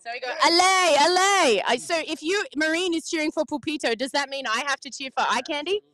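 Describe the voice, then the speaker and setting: A woman's voice: high-pitched, fast, fairly bright tone, no room sound. A woman hosting playful, casual interviews with sailing crews outdoors on a marina dock, laughing often. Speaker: sailing reporter, host.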